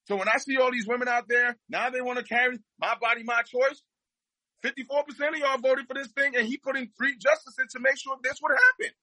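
A man's voice: very high voice, steady tone, fairly quick, bright, forceful tone, no echo, poor audio. A man speaking as a guest, giving impassioned political commentary and repeating his points for emphasis.

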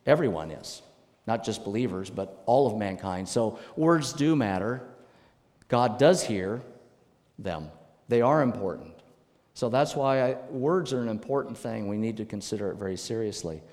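A male pastor preaching a sermon, emphatic and animated, with sudden loud bursts. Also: fairly low pitch, moderate pace. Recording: long reverb of a church hall.

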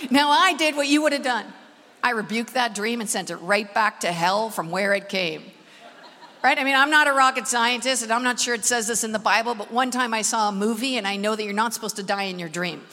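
Woman preacher, live sermon; lively storyteller, high and bright, big reverberant hall. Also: brisk. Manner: animated, acts out dialogue, asks audience questions. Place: large concert hall, live audience.

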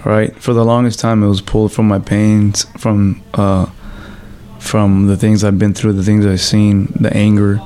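In a relaxed interview, a professional fighter spins stories full of profanity and fillers such as "you know" and "like." He speaks at a measured pace in a lowish, dark, clean voice with a flat delivery.

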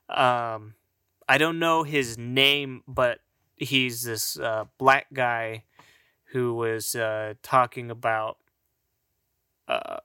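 A man's voice: medium pitch, sharp tone, clean tone, no room sound, studio quality. A man of Mexican heritage rambling through a casual, profane monologue, often laughing at his own jokes.

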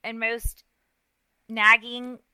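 A middle-aged woman co-hosting a podcast, telling a story in a self-mocking, animated way with lots of restarts and asides. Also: a little high, extremely slow, clean tone, no room sound, poor audio. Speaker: podcast co-host. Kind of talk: casual storytelling chat.

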